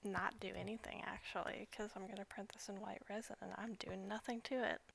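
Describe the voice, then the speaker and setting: A woman streaming while she sculpts doll hair, talking quietly and often half-whispering as she thinks aloud at home at night. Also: medium pitch, steady tone, brisk, creaky, faint music behind. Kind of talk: quiet casual stream commentary.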